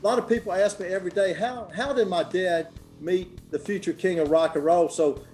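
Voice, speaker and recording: Older man, rambling folksy storyteller, slightly high voice, warm mellow tone. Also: steady tone, fairly quick, faint music behind. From Memphis, Tennessee. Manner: folksy, chatty, many fillers and restarts. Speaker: guest clothier. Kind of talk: casual storytelling interview.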